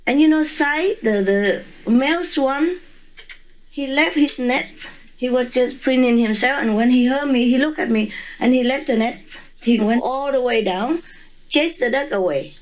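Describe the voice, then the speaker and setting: A woman's voice: high-pitched, measured pace, poor audio. A woman being interviewed who tells a story with animation, laughing often and acting out voices and sounds.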